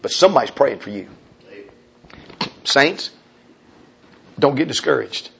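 Husky guy preaching, goes quiet then loud, kinda muffled lo-fi sound. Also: medium pitch, very animated, unhurried. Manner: impassioned, swings from hushed to loud. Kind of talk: sermon. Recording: dull lo-fi recording.

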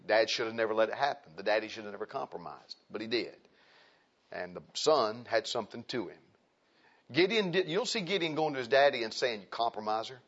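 A male preacher delivering a sermon, dropping to quiet asides and rising to loud, high exhortation. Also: breathy edge, dull audio.

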